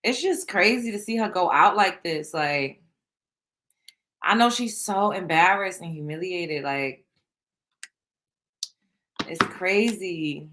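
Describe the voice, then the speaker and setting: A woman's voice: on the low side, slow pace, pauses often, fairly bright tone. A woman hosting a casual gossip show, talking bluntly and with plenty of profanity straight to her listeners. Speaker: show host.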